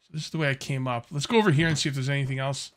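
A man's voice: mid-range voice, steady tone, rapid-fire. Easygoing man narrating his gameplay. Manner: rambling, easygoing, lots of fillers and restarts. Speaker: gameplay commentator. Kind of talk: casual let's-play commentary.

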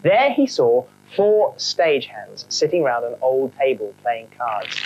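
Woman reading a kids story, low voice but really lively, wry. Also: unhurried, low-quality recording. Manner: wry, animated. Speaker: narrator. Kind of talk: storybook narration.

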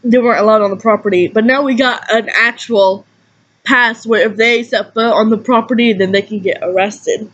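A young woman vlogging a story from her night in a casual, animated way, acting out what people said and swearing freely. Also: fairly high pitch, moderate pace. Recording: dull lo-fi home recording.

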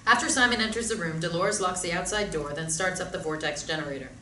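A woman reading stage directions aloud, plain and steady, at a script reading. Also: on the low side, quick pace, a little hiss or hum. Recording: echoey room, mic far off.

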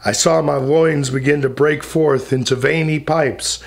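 A man voicing a jealous, fearful spectre, pained and brooding. He speaks slowly, lingering on each anguished phrase. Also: on the high side, fairly even intonation, vocal fry, pitched above the performer's own voice. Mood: tormented.

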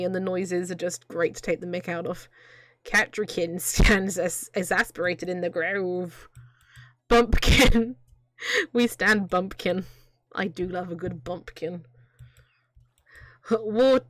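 A young woman's live commentary on the video game she's streaming is chatty and full of jokes, punctuated by frequent bursts of laughter. Her voice is mid-range, recorded in clean studio sound without any room sound.

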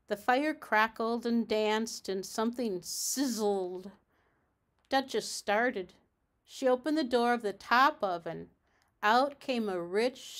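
A woman reads a children's storybook aloud in a gentle, measured way. Her voice sits a little above the middle. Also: a little high. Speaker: library storyteller.

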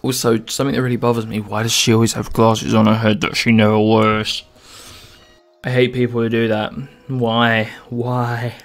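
A man's voice: medium pitch, flat delivery, moderate pace. A man casually commenting while he plays a game on stream, with sarcastic and crude joking asides. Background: faint game music.

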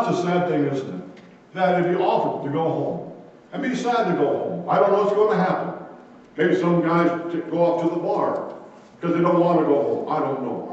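Folksy preacher in an echoey hall. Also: male voice, on the high side, normal speed, darkish tone. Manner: folksy, asks the congregation questions. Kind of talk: sermon. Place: church sanctuary. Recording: echoey hall, distant mic, muffled.

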